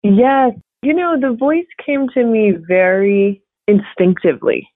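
A woman actor talking casually as an interview guest, expressive and often laughing, with quick restarts. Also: on the high side, no room sound. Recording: tinny phone-like dry line.

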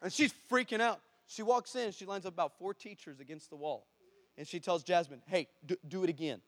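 A man, a pastor telling a story in a sermon, animated and acting out the people in it. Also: high voice, a little fast. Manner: animated, acts out shouts and voices of people in his story. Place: church hall before a congregation.

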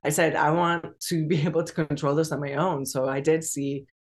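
A guest on a video call talks candidly in a mid-pitched voice. The speech is halting, full of fillers and restarts, broken by nervous laughter. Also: fairly even intonation. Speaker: interview guest. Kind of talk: candid conversational interview.

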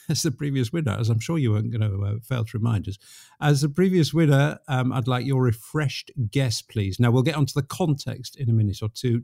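A man's voice: medium pitch, gravelly, dark tone, no echo, studio quality. A man hosting a podcast from home in a jovial, wry casual chat. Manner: jovial, wry, apologetic asides. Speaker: podcast host. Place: home, in lockdown.

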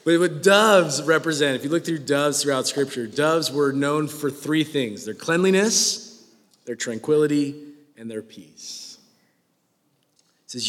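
A young male pastor delivers a playful sermon in a high, light voice. He jokes, laughs and acts out quoted lines. The recording carries a long hall echo from the church space. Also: unhurried, a bit bright.

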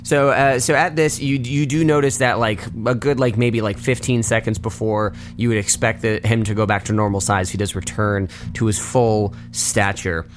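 A man narrating as game master in a tabletop game, halting with many fillers and restarts. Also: lowish voice, steady tone, faint music behind.

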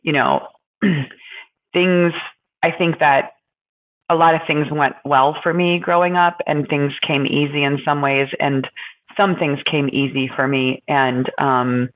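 A woman co-hosting a podcast, speaking in a halting, thoughtful way with many pauses and fillers as she reflects. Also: low voice, fairly even intonation. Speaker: podcast co-host. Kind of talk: casual reflective conversation. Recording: tinny phone-like line.

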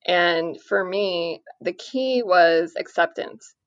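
A woman speaking earnestly about parenting a son with addiction, in a measured way with many fillers. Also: fairly low pitch, dry recording. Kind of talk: conversational podcast interview. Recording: dry, muffled lo-fi audio.

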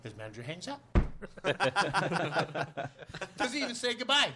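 A man's voice: high-pitched, wildly swooping pitch, slow pace, noisy background. A man, a guest actor, telling a rambling, profane anecdote full of "you know" in a podcast interview.

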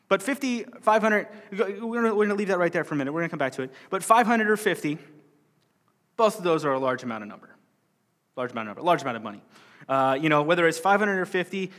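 The sound is big-room as a man with a fairly high, somewhat bright voice gives a sermon-style lesson on a Bible parable. He speaks loosely and conversationally, acting out quoted speech.

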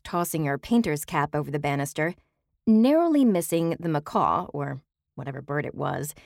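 Lively, wry woman narrating an audiobook. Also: fairly low pitch, no echo, clean studio sound. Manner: wry, expressive storytelling. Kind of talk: first-person scripted narration.

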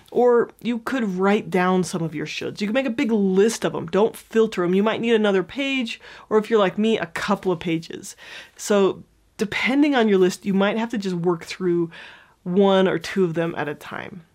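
A woman explaining a self-help technique in a calm, clear, gently encouraging teaching tone, as if from a script. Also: medium pitch.

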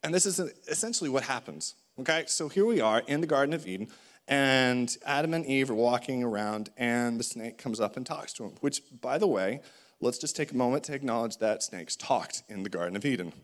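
A man preaching a sermon, animated and conversational, acting out the voices in his stories. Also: mid-range voice, a little fast.

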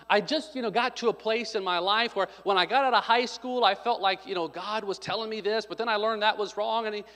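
A man's voice: sits high, pushed and bright. A man preaching a sermon, telling a story with joking asides and acting out what people said. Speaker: pastor. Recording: long hall reverb.

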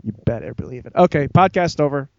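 A fairly high-voiced man hosts a casual gaming podcast over a call. He teases his co-hosts and laughs often. The sound is dry and slightly dull. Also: expressive, vocal fry, darkish tone, dry recording. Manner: joking, quick to laugh, teasing. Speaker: podcast host.

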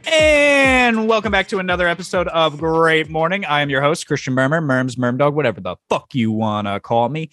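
A man's voice: fairly high pitch, moderate pace, few pauses, fairly bright tone, no echo, soft background music. Joking, profane young male podcast host. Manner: loose, profane, joking banter. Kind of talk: casual podcast chat.

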